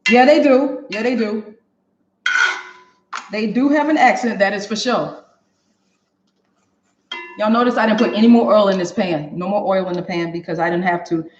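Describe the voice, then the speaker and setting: A woman with a medium-pitched, somewhat mellow voice hosts a live cooking show in her home kitchen, speaking at a normal speed with many pauses. She talks right to viewers and laughs a lot. The echoey, dull lo-fi recording has slight background noise.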